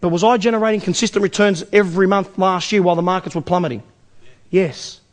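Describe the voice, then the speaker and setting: A man with an Australian accent presents an investment seminar to a live audience, talking at a rapid clip. He keeps firing rhetorical questions at the room with salesman-like energy, and his voice sits noticeably high.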